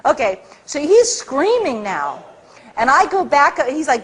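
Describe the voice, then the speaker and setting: A middle-aged woman speaking to an audience, telling a story in an animated way and acting out the people she quotes. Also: measured pace. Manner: acts out quoted people with big pitch jumps. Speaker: speaker at a public talk.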